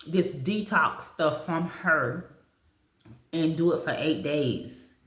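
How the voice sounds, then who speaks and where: A woman chats casually on camera while she eats breakfast, going down a food list and adding her own comments. Her voice sits a little low and she talks at an unhurried pace. The room around her is echoey. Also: fairly bright tone. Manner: chatty, reads a food list aloud and comments on it; talks with her mouth full. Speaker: vlogger. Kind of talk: casual chat while eating.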